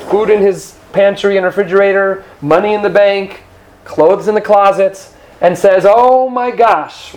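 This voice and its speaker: A man teaching a Torah class to women, lively, acting out quoted speakers and often checking in with his listeners. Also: high voice.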